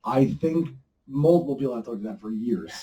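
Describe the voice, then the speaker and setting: Teasing guest with an animated voice, off-mic. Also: male voice, medium pitch, brisk. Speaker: podcast guest, YouTuber. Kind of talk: casual podcast banter. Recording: off-mic, a little distant.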